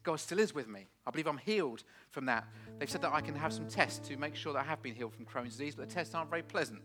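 Middle-aged male pastor, bright clear voice, preaching with big swings from loud emphasis to near-whisper. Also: a little high, animated, fast, soft background music. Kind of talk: sermon.

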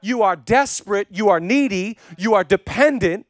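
High-voiced passionate male preacher. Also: normal speed, hardly any pauses, dry recording, clean studio sound. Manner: passionate preaching with rhythmic repetition, swinging from loud to hushed. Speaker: pastor. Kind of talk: sermon.

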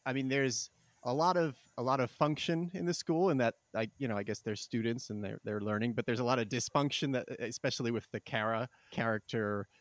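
A man's voice: mid-range voice, steady tone, fairly quick, no echo. A man in a mid-range voice hosts a casual conversation. He speaks thoughtfully and often stops to search for the right word. The recording is close and dry. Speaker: podcast host.

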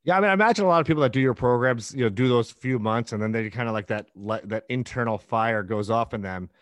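A man's voice: medium pitch, fast, fairly bright tone, dry recording. A man hosting a podcast, chatting loosely with lots of fillers and agreeable replies. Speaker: podcast host. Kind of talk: casual interview chat.

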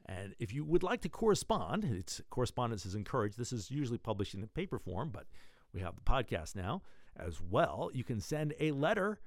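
A man hosts a newsletter podcast, reading his items in a playful, joking way. His pitch swings widely, and the sound is close and dry, with no room around it. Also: brisk, dry recording. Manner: playful, jokey, animated. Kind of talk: casual scripted newsletter reading.

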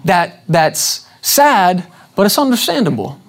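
Animated emphatic male preacher. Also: sits high, slow. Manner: emphatic, repeats questions, calls for congregation response. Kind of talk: sermon preaching.

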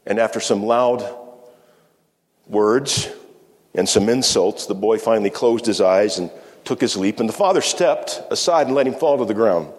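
Male pastor, lowish voice, slow emphatic sermon delivery, long church reverb. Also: darkish tone. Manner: measured preaching with slow emphatic pauses. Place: church sanctuary.

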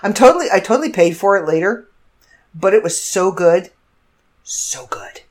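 A woman podcast host tells a funny personal story in a casual monologue. She's animated and often laughs, speaking briskly in a medium-pitched voice.

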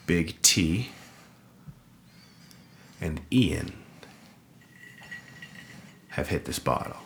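A man with a low, unhurried voice hosts a casual podcast, telling rambling stories full of swearing. A faint hiss sits under the recording. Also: sing-song, fairly bright tone. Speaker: podcast host. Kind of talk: casual chat over drinks.

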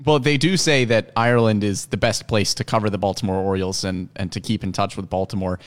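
A man's voice: lowish voice, steady tone, quick pace. A man hosting a sports podcast, chatting casually and teasing his co-host in dry banter.

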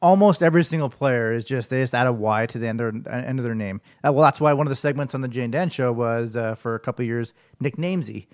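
A man's voice: mid-range voice, quick pace, hardly any pauses, no echo, studio quality. A man guest in casual chat, hesitant and often repeating words. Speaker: podcast guest.

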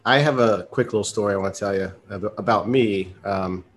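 A man's voice: fairly low pitch, a little fast. A man co-hosting a podcast, casually telling a story with fillers and frequent laughs. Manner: loose storyteller, laughs often, many fillers. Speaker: podcast co-host.

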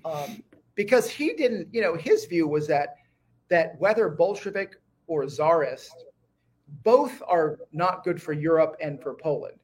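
Guy with a slightly high voice, history guest, eager, keeps restarting sentences. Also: expressive, a little slow, husky. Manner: eager, talks in bursts with many restarts. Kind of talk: conversational interview.

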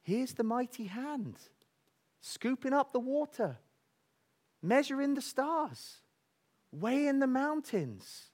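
A man preaching a sermon, telling stories with animated energy and dropping to soft near-whispers for emphasis. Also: extremely high pitch, takes it slowly, pauses often.

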